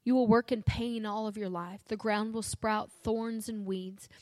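A woman voicing a stern, grieving male God who makes loud, commanding declarations. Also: mid-range voice, fairly even intonation, measured pace, no room sound, lightly acted. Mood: sorrowful.

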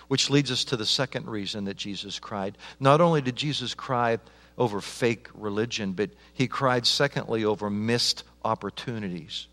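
A middle-aged male pastor preaching a sermon to his congregation, moving between hushed pleading and loud, impassioned calls. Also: fairly low pitch. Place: church sanctuary. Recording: long reverb of a church hall.

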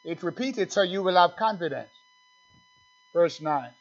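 A high-pitched male preacher delivers a sermon, calling out to the congregation and acting out little exchanges. The recording sounds dull and lo-fi. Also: animated, unhurried. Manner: call-and-response preaching, acts out dialogues.

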